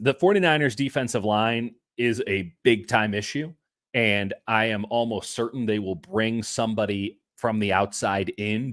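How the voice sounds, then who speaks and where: Animated man talking football. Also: lowish voice, dry recording, studio quality. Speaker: podcast host. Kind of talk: casual sports chat.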